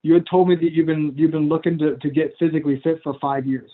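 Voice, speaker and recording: A man's voice: on the high side, fairly even intonation, fast. A man teaching coaching skills on a video call in a casual, chatty way, acting out client conversations. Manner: casual, chatty, laughs at himself, acts out client dialogue. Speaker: coach trainer. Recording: tinny phone-like call audio.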